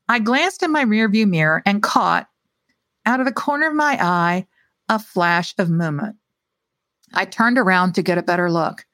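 Woman author reading her story aloud, expressive, dry close mic. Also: medium pitch, moderate pace, no room sound. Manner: expressive reading, hesitant in chat. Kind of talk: storytelling reading, then casual chat.

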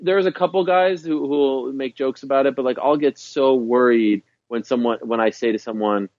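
A man's voice: medium pitch, moderate pace, a little mellow, no echo, muffled recording. A man guesting on a podcast, chatting casually and emphatically about his own show. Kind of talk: casual interview chat.

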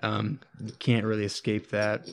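Low, flat-voiced young man explaining. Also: creaky. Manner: measured, hedging with fillers. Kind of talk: casual explaining.

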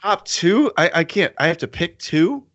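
A man in casual chat, teasing and enthusiastic, his pitch swinging widely. His voice is bright and a touch high. The sound is somewhat dull and lo-fi. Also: big pitch swings, moderate pace. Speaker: podcast co-host.

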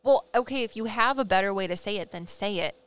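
Talking fast, her mid-range voice clear and resonant, a woman with a Midwestern accent tells stories on the casual podcast she co-hosts as a psychic medium. She laughs often and acts out the quotes with animation.

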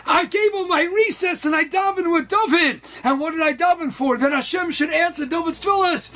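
A man's voice: extremely high pitch, fairly quick, bright, forceful tone, pitched above the performer's own voice. A man voicing a devoted, tearful seven-year-old boy who pleads emphatically. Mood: pleading.

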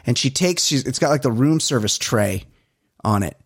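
Animated, profane male podcast co-host. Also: mid-range voice, normal speed, husky, no echo, clean studio sound. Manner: animated, profane, exasperated storytelling. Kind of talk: casual chat.

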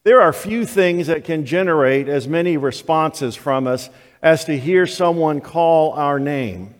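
An older man preaching a sermon as pastor, telling the story slowly and deliberately. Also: a little high. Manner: slow, deliberate storytelling delivery. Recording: long hall reverb of a church.

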